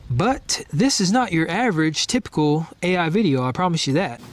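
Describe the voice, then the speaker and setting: A man's voice: on the high side, sing-song, normal speed. A man casually introducing a video, talking straight to viewers.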